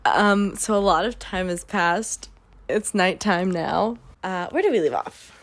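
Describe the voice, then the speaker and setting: A woman's voice: mid-range voice, animated, unhurried, a little hiss or hum. Sarcastic woman recapping a book. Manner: sarcastic, dry asides, swings into mock character voices. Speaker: book club host.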